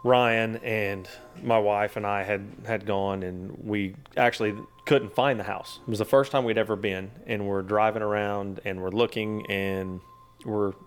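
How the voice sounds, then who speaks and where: A man telling a ghost story in a steady, matter-of-fact way. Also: fairly low pitch, measured pace. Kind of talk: casual storytelling.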